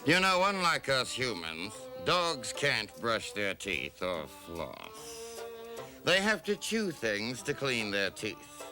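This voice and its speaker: A man delivering a deadpan comic monologue. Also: medium pitch, takes it slowly, over music. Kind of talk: stand-up style comic monologue.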